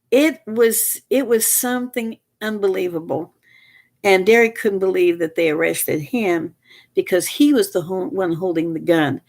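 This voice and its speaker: An older woman telling a family story in a casual, rambling way, full of restarts and fillers, and getting animated as she relives events. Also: mid-range voice, vocal fry. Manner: animated, rises sharply when reliving moments.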